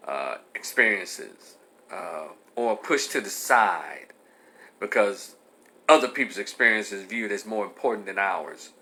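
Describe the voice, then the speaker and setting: Animated bright-voiced man in his fifties. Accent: Memphis Southern US. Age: 50s. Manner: animated storytelling, drops to low earnest tone. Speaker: commentator. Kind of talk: storytelling monologue.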